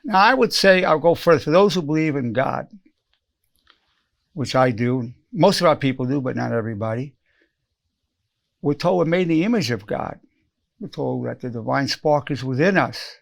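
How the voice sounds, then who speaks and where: A man's voice: medium pitch, gravelly. A man in his eighties, a psychologist giving an earnest spoken self-help lesson, repeating lines for emphasis and acting out quoted phrases. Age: 80s.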